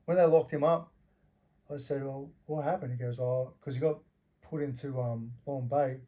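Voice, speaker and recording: Casting: middle-aged Australian man, dark mellow voice, swears freely, laughs through his stories. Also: medium pitch, steady tone, moderate pace. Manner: rough, profane, laughs while telling stories. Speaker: interview guest. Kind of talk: casual storytelling with heavy swearing.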